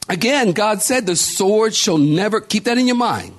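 A man's voice: high-pitched, animated, moderate pace. A man preaching a sermon as pastor, emphatic and calling out to his congregation with repeated exhortations. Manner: calls out to the congregation.

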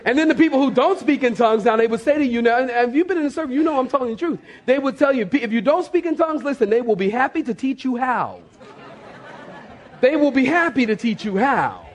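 Male preacher, very high voice, animated and repetitive delivery, playful mock voices. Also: quick pace, a faint crowd. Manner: animated, acts out scenes with mock voices, repeats phrases. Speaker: pastor. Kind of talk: sermon.

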